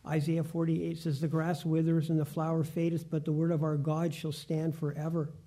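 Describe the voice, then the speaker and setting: A man preaching a Bible lesson, reading scripture aloud slowly and deliberately. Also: on the high side, monotone, mellow. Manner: reads verses slowly and deliberately, with restarts.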